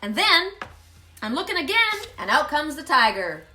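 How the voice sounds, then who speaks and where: An excitable woman reads oracle cards on a livestream, exclaiming and swearing as she goes. Her high voice sounds bright and forceful, and her pitch jumps all over the place. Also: normal speed, faint music behind. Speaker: intuitive card reader. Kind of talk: excited livestream card reading.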